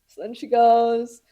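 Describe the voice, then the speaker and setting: A woman's voice: fairly high pitch, muffled recording. A young woman hosting a podcast, telling a story in casual chat, dramatic and profane, laughing often. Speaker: podcast host.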